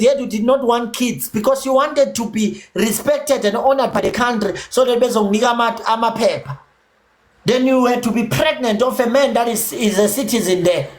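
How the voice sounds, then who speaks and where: A South African man with a Zulu accent, hosting a livestream and ranting in a heated, profane, combative way while mixing English with Zulu. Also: very high voice. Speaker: livestream host.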